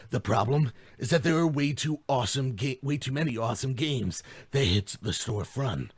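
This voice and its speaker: A man's voice: mid-range voice, moderate pace, husky, no echo. A man co-hosting a podcast in casual banter. He jokes and teases, and he runs the segments. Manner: joking, teasing, runs the segments. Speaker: podcast co-host.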